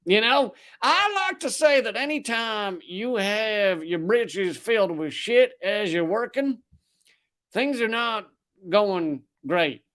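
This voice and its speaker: A man putting on a plainspoken Southern working man with a slow drawl. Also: high voice, expressive, fairly bright tone, voice pushed up, full character voice. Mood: folksy. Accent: American Southern.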